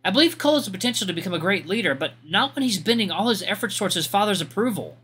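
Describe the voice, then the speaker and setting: A man's voice: high voice, animated, racing, fairly bright tone, slight background noise, voice pushed up. A man voicing a formal, earnest young woman knight with a courteous manner.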